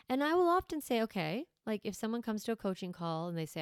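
A woman's voice: a little high, expressive, a little fast, clear, resonant tone, dry recording, studio quality. A woman in her thirties, a parenting coach, talking casually to listeners and acting out firm voices in quotes. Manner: warm conversational, acts out firm voices in quotes.

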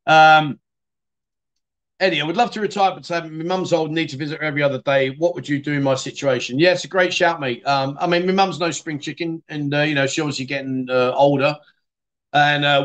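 Chatty man, slightly high voice. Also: fairly bright tone. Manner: chatty, laughing, teasing, many restarts. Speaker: livestream host. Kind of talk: casual livestream chat reading viewer comments. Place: bar city in Thailand.

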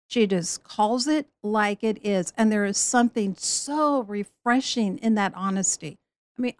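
Woman giving a bible talk, kinda high voice, animated, does little voices for quotes. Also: no echo. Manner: lively, acts out quoted voices. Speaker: Bible teacher.

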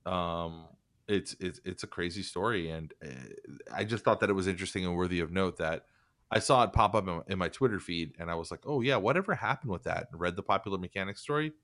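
Man, very low voice, dry close sound, casual profane podcast chat, sardonic rambling. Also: fast talker, fairly bright tone, no echo.

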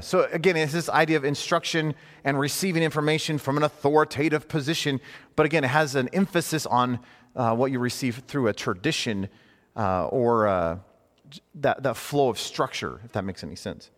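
A preacher teaching a class speaks in a conversational sermon style, earnest and informal, often rephrasing himself mid-thought. His voice is medium-pitched and a little fast, heard with long hall reverb.

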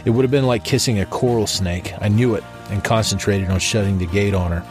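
A man's voice: lowish voice, fairly even intonation, fairly quick, music in the background. A man reading a first-person story in a dry, wry manner. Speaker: narrator.

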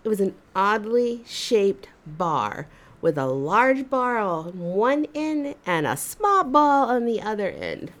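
A woman hosting a storytelling show, telling a personal story in an animated, expressive way. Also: medium pitch, slow pace. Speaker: storyteller host.

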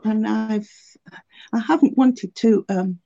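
Older woman, earnest, mellow voice. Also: fairly high pitch, slow, gravelly, highs cut off. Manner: earnest, emotional storytelling with many restarts. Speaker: interview guest. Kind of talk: personal faith testimony.

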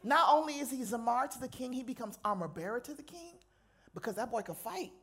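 A woman's voice: fairly high pitch, lively intonation, fairly quick, fairly bright tone, husky. A woman chaplain preaching a sermon to a live audience, conversational and playful with slangy asides. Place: lecture hall with an audience.

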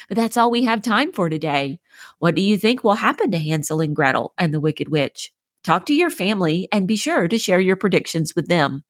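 A woman hosting a children's podcast, reading a fairy tale aloud in a gentle, clear scripted narration. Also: on the low side, dry recording, clean studio sound. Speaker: podcast host and storyteller.

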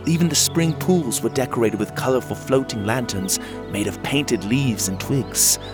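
A man narrating a children's audio adventure in an expressive storybook manner. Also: medium pitch, moderate pace, music in the background.

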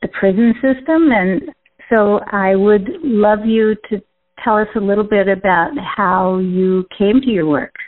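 Brief: female podcast interviewer, unhurried and measured, thin phone-like sound. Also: medium pitch. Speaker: interviewer, host. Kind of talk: conversational interview. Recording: tinny phone line.

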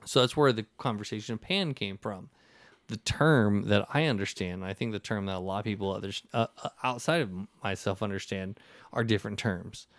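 A man with a fairly low voice, talking in a loose, rambling way that is full of restarts. He acts out the people in his anecdotes as he goes. The sound is dry and close, with no room around it. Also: a little fast, dry recording. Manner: rambling, animated storytelling with many restarts. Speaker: podcast host. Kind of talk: casual conversation.

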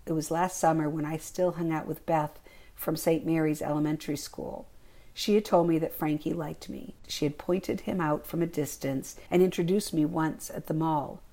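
A woman reads aloud from her own memoir in a calm, reflective first-person telling. Her voice sits low and stays level, with little rise or fall. The tone is dark and mellow throughout. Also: moderate pace. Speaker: memoir author reading her own work. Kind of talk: memoir reading.

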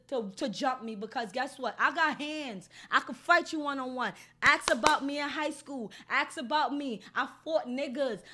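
High-voiced, blunt woman. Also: bright, forceful tone. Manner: blunt, heated, heavily profane. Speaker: storyteller recounting an assault. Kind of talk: casual storytelling.

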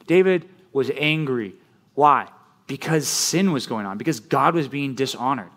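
A man preaching a sermon as pastor, animated and conversational, often checking in with "right?". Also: mid-range voice, moderate pace.

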